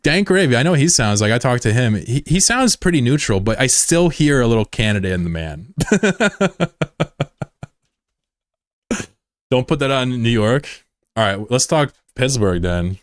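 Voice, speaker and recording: Low, monotone American man with a Mid-Atlantic accent. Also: no echo, clean studio sound. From United States. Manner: self-described monotone, plain and laid-back. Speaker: game streamer. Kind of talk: casual live-stream chat, reading viewer messages.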